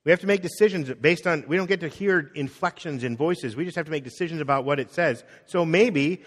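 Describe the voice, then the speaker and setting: A middle-aged man, a pastor, preaching a conversational sermon, acting out quotes and dropping soft on key words. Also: a little high, brisk. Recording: long reverb of a hall.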